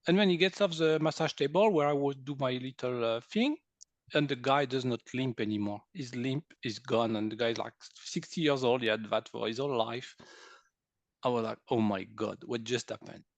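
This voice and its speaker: A French-accented man in his sixties, English being his second language, recounts his experiences as an interview guest. He is animated, laughs often and acts out what people said, with a medium-pitched voice. The sound is close and dry. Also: moderate pace, dry recording. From France. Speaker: guest, energy healer. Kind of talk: storytelling interview.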